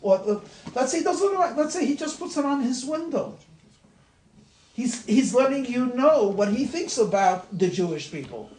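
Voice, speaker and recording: A man's voice: extremely high pitch, a little mellow. A man, a rabbi, giving an informal class talk, conversational and repeating his words as he goes. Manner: conversational, repeats words, laughs at own examples. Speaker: rabbi leading a class discussion. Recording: echoey room with light noise.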